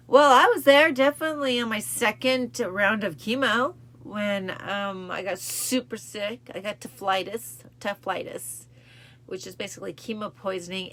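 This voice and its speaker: A woman hosting a cancer support show, chatting casually and emotionally to her viewers, repeating phrases and acting out scenes. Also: a bit bright. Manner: emotional, repeats phrases, acts out film lines with rising pitch. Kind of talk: casual talk to camera.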